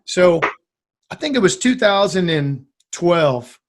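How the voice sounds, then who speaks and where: Slow-paced and high-pitched, a man appearing as a guest musician rambles through a long casual story. He stays animated and acts out the quoted lines of other people.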